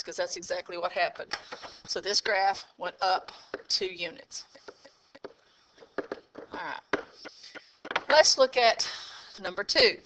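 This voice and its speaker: Bright-voiced woman teaching math. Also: mid-range voice, slight background noise, low-quality recording. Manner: patient, step-by-step explaining with frequent "okay?" checks. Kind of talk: classroom lesson walkthrough.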